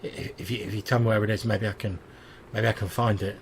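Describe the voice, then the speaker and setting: Man as a sleep-talking big man, low-voiced, muttering. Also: fairly even intonation, fast, creaky, slight background noise. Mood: anxious.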